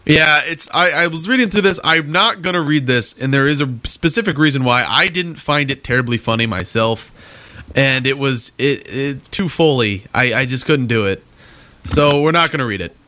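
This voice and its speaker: A man's voice: medium pitch, normal speed, pushed and bright, dry recording. A young man hosting a casual online comedy show, rambling and stammering, laughing often. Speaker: host.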